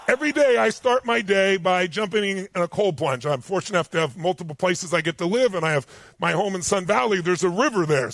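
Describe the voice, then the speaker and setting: A man giving a motivational seminar speech to a live audience, telling stories in an emphatic, animated way. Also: sits high, dry recording. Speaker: motivational speaker. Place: stage before a live audience.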